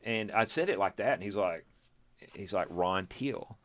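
A man's voice: low voice, unhurried, dry recording. A man in his fifties from Texas, a church planter, telling a long testimony story in casual group talk, acting out quotes and chuckling. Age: 50s. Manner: animated storyteller, acts out quotes, chuckles, restarts.

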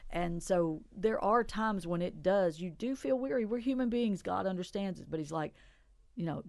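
A woman's voice: mid-range voice, animated, normal speed, vocal fry, darkish tone, no room sound, clean studio sound. A middle-aged woman co-hosting a Christian radio talk show, speaking earnestly, laughing often and quoting scripture.

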